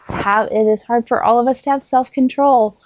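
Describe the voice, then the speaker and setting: A middle-aged woman, a mother, talking to camera in a calm, earnest and encouraging way as she shares parenting advice. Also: fairly high pitch, normal speed, no room sound. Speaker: parenting vlogger, mother of many. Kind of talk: casual spoken advice to camera.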